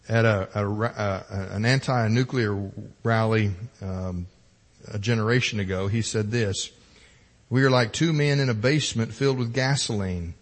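A middle-aged man delivers a sermon with a slightly husky, breathy voice. He preaches emphatically, swelling louder on key points and dropping low and quiet on others. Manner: emphatic preaching, rising and falling in volume and pace. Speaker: pastor.

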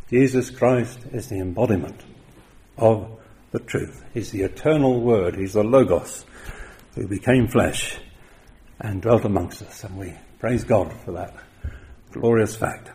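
A man preaching a sermon, with emphatic stresses that rise loud and then drop quiet. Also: lowish voice, takes it slowly, pauses often.

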